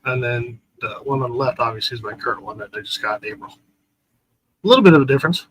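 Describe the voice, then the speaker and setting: A man's voice: mid-range voice, lively intonation, fast talker, fairly bright tone, slight background noise, poor audio. A man chatting as a guest, with wry self-deprecating humor. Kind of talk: casual chat.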